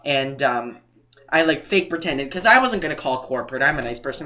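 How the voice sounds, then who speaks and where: A young adult man from New England, a couponing vlogger, tells a casual storytime in a bright, slightly high, brisk voice. He's animated and indignant as he recounts what happened, acting out the quotes.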